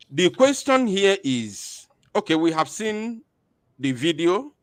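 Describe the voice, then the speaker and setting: A man's voice: sits high, sing-song, slow pace, pauses often, no room sound, clean studio sound. A man hosting an online show, commenting hesitantly with many fillers and rhetorical questions.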